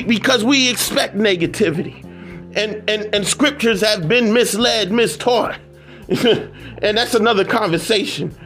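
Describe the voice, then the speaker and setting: A man preaching an emphatic, repetitive motivational sermon that rises at times to shouting. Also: sits high.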